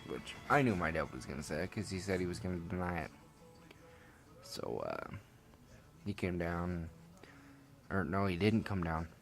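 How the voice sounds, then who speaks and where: A young man with a very low voice tells a story from his own life in a loose, rambling way. He peppers it with fillers and swearing, and faint music plays behind him. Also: expressive, normal speed, pauses often. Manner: rambling, profane, laid-back with many fillers. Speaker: vlogger. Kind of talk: casual storytelling.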